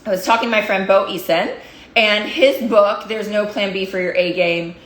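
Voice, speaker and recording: A woman's voice: mid-range voice, steady tone, moderate pace, fairly bright tone. Fired-up woman coach giving a pep talk. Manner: fired-up, emphatic, repeats phrases for emphasis. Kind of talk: motivational talk to followers. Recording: roomy echo.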